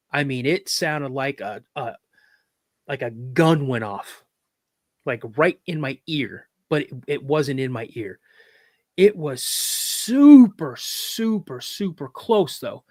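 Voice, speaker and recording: A man, a podcast guest, telling a story in a casual, animated way with acted quotes. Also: mid-range voice, no echo, clean studio sound. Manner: rambling with restarts.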